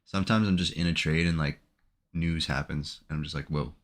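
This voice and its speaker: A day trader streams his trading and gives live commentary on his own trades, talking to himself anxiously and emotionally. His voice rumbles low, with fairly even intonation and a slightly fast pace.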